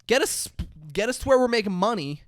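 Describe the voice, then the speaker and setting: Podcast co-host, male, lively pitch, dry close sound, profane storyteller who acts out scenes. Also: brisk, no room sound. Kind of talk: casual movie review chat.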